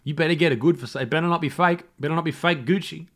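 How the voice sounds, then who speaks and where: A man's voice: a little high, very fast. An Australian man hosting a solo comedy podcast, rambling and swearing constantly, laughing at his own stories. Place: home setup in self-isolation.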